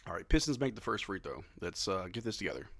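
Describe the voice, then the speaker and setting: A man hosting a casual live watch-along, calling plays excitedly at home and tossing in joking asides with lots of "bro.". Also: fairly low pitch, fast talker, creaky. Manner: excitable play-by-play mixed with joking asides, says "bro" often. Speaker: live stream host.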